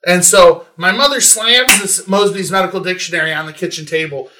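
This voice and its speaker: A man telling a story in a relaxed group chat, animated and swearing casually. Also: high-pitched, a little fast, background noise.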